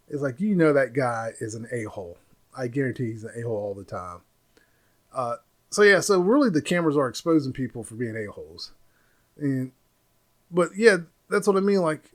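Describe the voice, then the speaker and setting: Man, podcast host, solo monologue, rambling, opinionated, fairly high voice. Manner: rambling, opinionated, mimics others in raised voice. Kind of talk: casual monologue.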